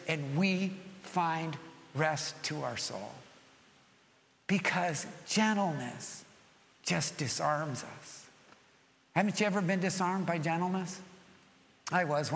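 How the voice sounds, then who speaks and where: A middle-aged male pastor preaching with a high, bright voice. He tells his stories with animation, dropping soft and then rising loud. The long reverb of a big hall trails every phrase. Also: a little hiss or hum. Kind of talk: sermon.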